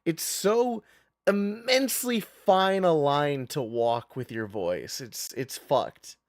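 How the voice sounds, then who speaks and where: A man's voice: fairly high pitch, slow, dry recording, clean studio sound. Rambling, laid-back man streaming. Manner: rambling, self-interrupting, laughs often. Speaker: streamer, game player. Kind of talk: casual live-stream commentary.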